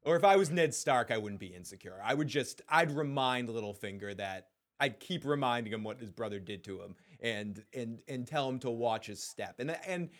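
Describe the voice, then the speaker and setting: A male podcast co-host in casual chat, swearing freely and slipping into quick impressions of the characters he talks about. His voice sits in a middle range, neither high nor low. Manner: animated, profane, acts out quotes.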